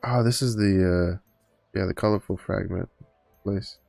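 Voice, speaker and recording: A male game streamer talks through his play in a low, loose ramble, full of "uh" and restarts. His voice is dry and close to the mic, with quiet music running underneath. He sounds a little tired and unhurried. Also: creaky, no echo. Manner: rambling, many fillers and self-corrections; yawning, tired. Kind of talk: casual live-stream commentary.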